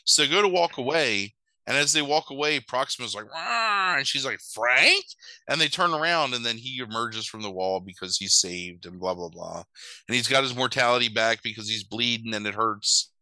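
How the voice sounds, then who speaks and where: A man's voice: medium pitch, animated, brisk, sharp tone, no room sound, rough recording. A man casually retelling a movie plot, swearing and acting out the characters' lines in mock voices. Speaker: podcast host recapping a movie. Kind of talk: casual chat.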